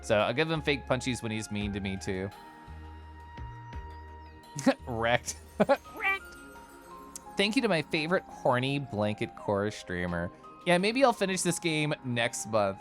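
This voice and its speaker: A male streamer chatting with his viewers in a teasing, giggly way. His pitch swoops up and down constantly. Soft music plays faintly behind him. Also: big pitch swings, moderate pace. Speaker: livestreamer. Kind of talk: casual chat with stream viewers.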